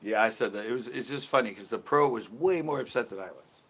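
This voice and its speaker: A man chats casually on a livestream after a show. He tells stories in a relaxed way, laughs a lot and breaks into animated impressions of his friends. His voice sits at an average pitch. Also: quick pace, slightly rough. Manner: laughing often, animated when quoting others. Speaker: livestream host. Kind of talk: casual storytelling chat.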